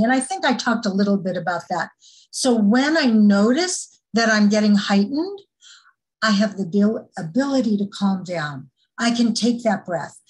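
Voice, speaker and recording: A woman, a former teacher, leading a parent workshop and explaining calmly and earnestly, with frequent ums. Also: fairly high pitch, low-quality recording. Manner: calm, earnest, explains step by step with many fillers.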